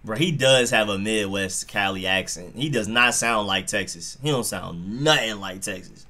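A man hosting a live football reaction stream, talking straight to his chat in an excitable, slangy way. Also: lowish voice, normal speed.

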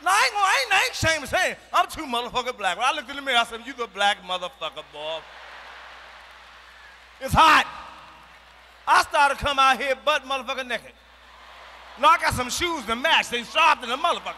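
A man performs stand-up on a large arena stage with a strikingly high voice. His delivery is loud, profane and emphatic, breaking into shouts. The sound rings with the long reverb of the arena, and there is a faint murmur behind him. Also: expressive, fast, a little hiss or hum. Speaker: stand-up comedian. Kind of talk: stand-up routine.

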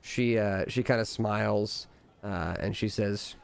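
A man narrating a tabletop game as game master, halting often with "uh" and "kinda". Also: on the low side, fairly even intonation, vocal fry, smooth.

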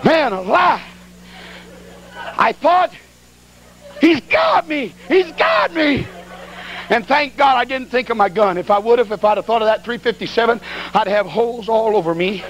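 Excitable folksy preacher, high-pitched and gravelly. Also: male voice, moderate pace, muffled recording, slight background noise. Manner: folksy, animated storyteller with sound effects. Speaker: evangelist preacher. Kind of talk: storytelling sermon.

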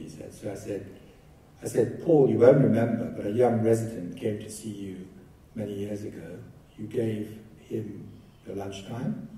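A man's warm, fairly low voice comes from a distant mic as he delivers a keynote lecture in an echoey hall. He tells stories conversationally, with a light touch of humor, throughout this academic talk.

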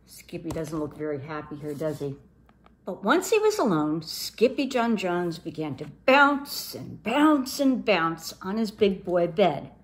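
A middle-aged woman reading a children's picture book aloud, expressive as she talks to children. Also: on the low side, unhurried. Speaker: reader for a girls' program.

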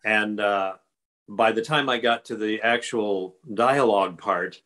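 A man's voice: fairly low pitch, a little slow, fairly bright tone. A man, a game voice actor, rambling through a casual panel chat with many fillers and restarts.

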